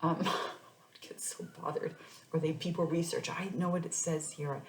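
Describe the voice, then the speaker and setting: A woman's voice: low-pitched, fairly even intonation, normal speed, a little mellow, whispered. A woman in her thirties, a mother telling her own story in a casual, rambling way with many restarts. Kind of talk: casual personal vlog. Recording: echoey room.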